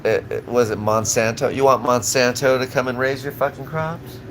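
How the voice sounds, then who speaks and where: A man streams live, ranting in a profane, agitated voice. He rambles and restarts his sentences constantly, his pitch sitting in a plain middle range for a man. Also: fairly even intonation, normal speed, background noise. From Southern California.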